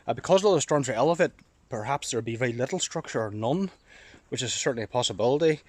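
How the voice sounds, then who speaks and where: A man with a Northern Irish accent, vlogging outdoors while walking a dog in the countryside, thinking aloud in an excited, rambling way and slightly out of breath. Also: mid-range voice, fast talker, dry recording. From Northern Ireland. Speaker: storm chaser vlogger. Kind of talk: casual vlog monologue.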